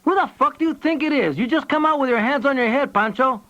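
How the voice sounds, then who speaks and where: A man voicing a rural sheriff shouting orders at a holed-up suspect, profane and commanding. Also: extremely high pitch, fast, voice pushed up. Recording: dull lo-fi tape audio.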